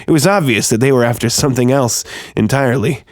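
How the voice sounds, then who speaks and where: A man narrating a first-person horror story in a tense, steady storytelling manner. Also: mid-range voice, fast, no echo.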